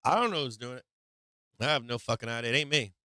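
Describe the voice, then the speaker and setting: A man's voice: mid-range voice, lively intonation, quick pace, sharp tone, clear, resonant tone, no room sound. Profane, rambling man hosting a stream. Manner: profane, rambling, talks to chat viewers. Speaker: stock market livestream host. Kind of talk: casual livestream chat.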